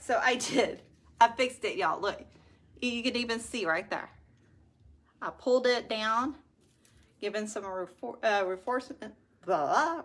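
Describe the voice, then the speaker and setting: A woman's voice: mid-range voice, fairly bright tone. A woman hosting a casual live craft stream, chatting to viewers and laughing often. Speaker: craft livestream host.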